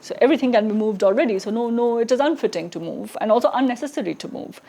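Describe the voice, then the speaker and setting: A woman's voice: fairly high pitch, fast, gravelly, warm tone. A woman giving a recorded philosophy lecture in a conversational way, with frequent tag questions and restarts.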